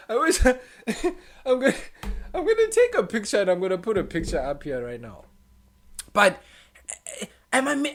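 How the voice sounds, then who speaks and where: A young man with a Xhosa South African accent talks straight to the camera in a casual opinion vlog. His pitch moves up and down a great deal. He switches languages easily within a sentence and laughs often. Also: a bit bright. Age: young adult. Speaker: vlogger.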